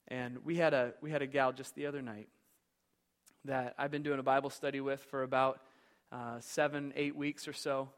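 A man preaching a sermon as pastor, telling a story with passion, swinging from hushed to loud. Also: mid-range voice, little pitch movement, moderate pace. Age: young adult.

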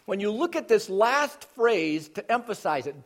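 A man preaching an expository sermon to his congregation, teaching with emphatic stresses that drop to quiet intensity. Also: sits high, sing-song, a little slow, hardly any pauses.

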